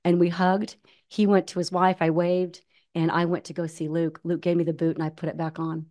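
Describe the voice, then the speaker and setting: A woman in her forties telling a personal story in a casual interview, animated, with many restarts. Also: fairly low pitch, brisk. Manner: animated, many restarts, acts out quoted voices. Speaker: guest, ultramarathon runner.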